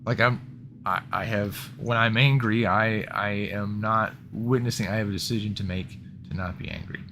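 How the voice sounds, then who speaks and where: A man's voice: lowish voice, moderate pace, bright, forceful tone, slight background noise. A man in casual conversation, talking hesitantly and stammering, repeating words as he thinks.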